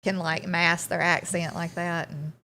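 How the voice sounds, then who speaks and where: A woman's voice: on the low side, level tone, unhurried, bright, forceful tone, a little hiss or hum. A woman co-hosting a morning show, chatting casually and chiming in with friendly short replies. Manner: friendly, agreeable, backs up her co-host with short replies.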